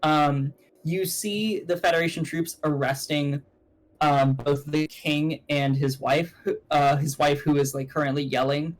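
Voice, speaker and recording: A young man acts as game master on a stream, narrating a tabletop game while rambling with fillers and quickly correcting himself. His voice is a little high with fairly even intonation, and the recording is rough.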